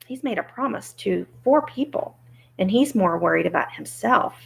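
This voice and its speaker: A woman's voice: medium pitch, moderate pace, creaky. A woman teacher reading a story aloud to young students, stopping to explain words. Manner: expressive, explanatory.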